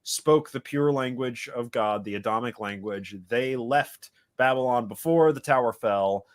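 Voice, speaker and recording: A man's voice: medium pitch, unhurried. A man on a discussion panel who explains scripture passages casually, restarting his sentences often.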